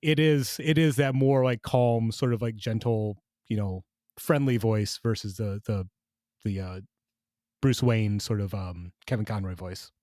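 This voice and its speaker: A man's voice: fairly low pitch, steady tone, a little slow, a little mellow, no echo, clean studio sound. A man co-hosting a podcast in casual chat, rambling and hunting for names as he talks. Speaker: podcast co-host.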